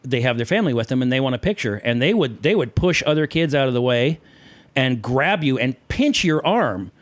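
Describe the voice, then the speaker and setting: A man's voice: mid-range voice, brisk. A man telling stories about his old costume-character job in a casual chat, often laughing and acting out the voices of the people in his stories. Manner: animated storyteller, laughs often, acts out voices in quotes. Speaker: guest, former theme park costume performer.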